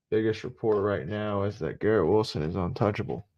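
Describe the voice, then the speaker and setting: A man's voice: on the low side, fairly quick, few pauses. A man casually talking through a live sports stream, repeating himself and muttering asides. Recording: dull lo-fi stream audio.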